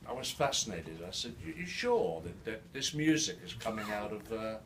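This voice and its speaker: An older man speaking to a live audience, halting with many restarts, his words slightly slurred by a new denture. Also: on the low side, big pitch swings. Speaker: guest speaker. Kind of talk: live storytelling talk. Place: event hall with an audience. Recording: distant mic in a noisy room.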